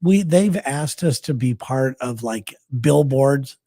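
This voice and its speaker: A man's voice: mid-range voice, lively intonation, warm tone, no room sound, studio quality. A man co-hosting a talk show, telling stories in casual chat and laughing often. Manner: laughs often, tells stories with quick asides. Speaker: radio host.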